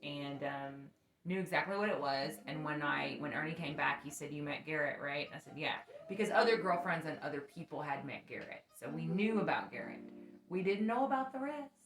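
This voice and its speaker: A woman's voice: deep voice, expressive, a little fast. A young woman chatting candidly and laughing while telling stories, frank and full of profanity. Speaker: podcast co-host. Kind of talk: candid casual chat. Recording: echoey room with faint music.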